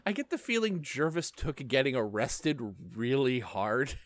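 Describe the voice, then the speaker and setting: A man's voice: mid-range voice, sing-song, a little slow, no room sound, studio quality. A man co-hosting a podcast, chatting casually and joking around. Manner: jokey, acts out little bits. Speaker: podcast co-host. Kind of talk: casual chat.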